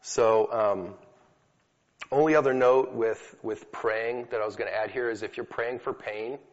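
A man's voice: mid-range voice, steady tone, measured pace. A man giving a conversational teaching talk to an audience, telling stories casually with fillers. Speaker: speaker teaching about healing prayer. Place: hall with a live audience. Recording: dull lo-fi recording in an echoey hall.

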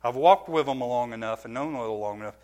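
A middle-aged man giving a sermon as a pastor, telling stories from his own life with lively, self-mocking laughter. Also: mid-range voice, fast. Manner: animated storytelling, laughing at himself.

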